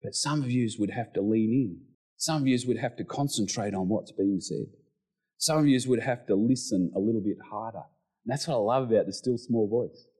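A middle-aged man preaching a sermon, animated, with excited exclamations and humorous asides. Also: medium pitch. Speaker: pastor.

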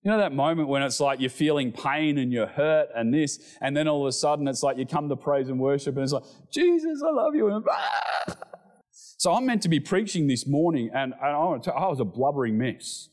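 A middle-aged male pastor preaches a sermon briskly and with animation, acting out the voices in scripture and growing loud at the climactic moments.

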